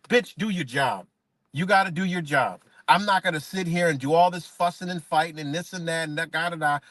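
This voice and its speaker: Heated high-voiced man ranting. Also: pushed and bright, dry recording. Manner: heated, profane, repetitive, rhetorical questions. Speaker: livestreamer. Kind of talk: unscripted live-stream rant.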